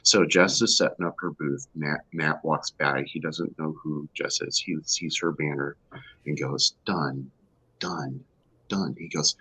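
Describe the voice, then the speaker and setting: A man's voice: deep voice, normal speed, sharp tone, breathy edge, rough recording. A man, a podcast guest, chatting casually and rambling with many fillers. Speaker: guest player.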